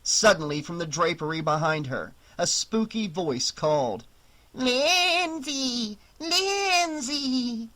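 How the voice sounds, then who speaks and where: Man, audiobook narration, measured, dramatic, bright tone. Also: on the high side, animated. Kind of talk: scripted narration.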